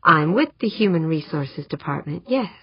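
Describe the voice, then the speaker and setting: A patient, upbeat woman official who tries to reason with a newcomer, as a woman reads her in an audiobook. The voice is husky and a little low. It is recorded dry and slightly dull. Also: expressive, normal speed, dry recording, exaggerated voice. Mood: encouraging. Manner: patient and encouraging.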